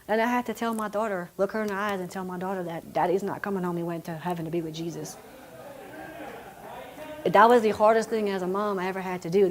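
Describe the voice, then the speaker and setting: A woman, telling a personal story of loss in a conversational, emotional way with many fillers. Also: on the low side. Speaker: police officer's widow.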